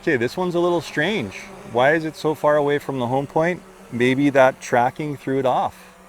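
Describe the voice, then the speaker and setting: A man doing excitable, casual commentary outdoors while flying and chasing a drone, out of breath at times. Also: a little high, normal speed, slight background noise. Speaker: drone reviewer. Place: outdoors among trees.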